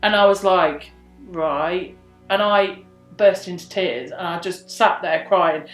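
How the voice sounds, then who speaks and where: A young woman telling a true story in casual chat, drops soft and breathy for quoted lines. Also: lowish voice, slow pace, faint music behind. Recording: echoey room.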